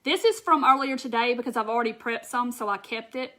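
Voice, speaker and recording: A woman's voice: on the high side, brisk, a bit bright. Chatty Southern woman hosting a craft livestream. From Mississippi. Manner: chatty, folksy, reads viewer comments aloud. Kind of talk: casual craft demo livestream.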